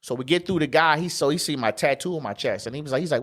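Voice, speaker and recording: A man's voice: fairly high pitch, expressive, fast, fairly bright tone. Laid-back man spinning a slangy story. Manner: slangy and profane, heavy with fillers. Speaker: podcast host. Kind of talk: casual storytelling.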